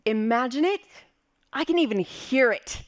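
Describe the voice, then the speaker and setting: Animated woman telling a story. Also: fairly high pitch, moderate pace. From West Berlin, Germany. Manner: animated, vivid, playful. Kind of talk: live personal storytelling.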